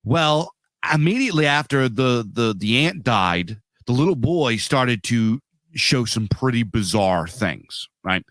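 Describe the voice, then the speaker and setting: A man's voice: mid-range voice, animated, measured pace, a bit bright, no echo. A man hosting a podcast, telling a film story in a rambling, casual way with lots of fillers. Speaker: podcast host. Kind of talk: casual film-review chat.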